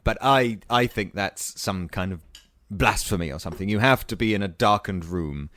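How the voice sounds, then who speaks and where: A man's voice: lowish voice, moderate pace. A man co-hosting a podcast in a radio studio, chatting casually and joking with mock outrage. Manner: animated, jokey, mock-outraged. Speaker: podcast co-host. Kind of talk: casual chat.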